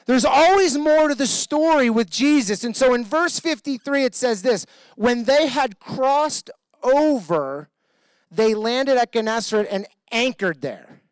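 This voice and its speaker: A male pastor preaching an energetic sermon, calling on the congregation to repeat lines back to him. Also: very high-pitched, normal speed, hardly any pauses, smooth, no echo. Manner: animated, energetic preaching with call-and-response.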